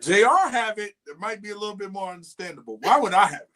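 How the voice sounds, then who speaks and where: Teasing man with a lively voice. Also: high voice, fast. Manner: dry, teasing, blunt comebacks. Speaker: podcast co-host. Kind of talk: casual chat.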